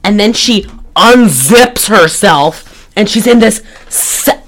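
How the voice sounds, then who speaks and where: A woman's voice: mid-range voice, expressive, slow pace, a crowd in the background. Exasperated woman ranting on a podcast. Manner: exasperated, blunt, rambling with restarts. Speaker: podcast co-host. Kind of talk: casual chat.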